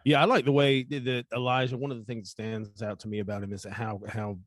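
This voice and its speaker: A man's voice: mid-range voice, flat delivery, quick pace, dry recording, studio quality. A man co-hosting a casual scripture discussion podcast, speaking earnestly and often restarting his sentences. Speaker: podcast co-host.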